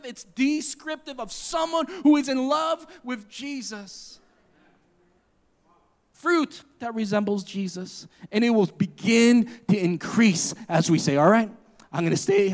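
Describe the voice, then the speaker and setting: A man preaching a sermon as pastor, emphatic and impassioned, a parent of children. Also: extremely high pitch. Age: adult with children.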